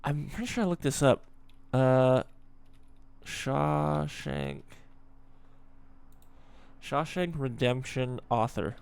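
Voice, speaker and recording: A man's voice: medium pitch, big pitch swings, takes it slowly, vocal fry, pauses often, darkish tone, clear, resonant tone. A young man in his twenties hosting a reaction video, chatting casually and stopping to explain and joke.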